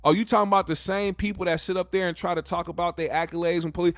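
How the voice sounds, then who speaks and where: A man's voice: high voice, steady tone, fast, hardly any pauses, no room sound, studio quality. A male podcast host ranting in a blunt, profane, heated way. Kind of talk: casual opinion rant.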